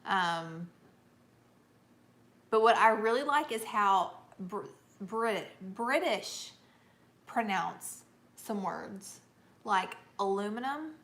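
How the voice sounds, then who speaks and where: A woman's voice: medium pitch, lively intonation, extremely slow, pauses often, fairly bright tone. A middle-aged woman from Northeast Georgia with a Georgia accent, hosting a casual livestream and reading viewer comments, chatty and laughing often. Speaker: livestream host.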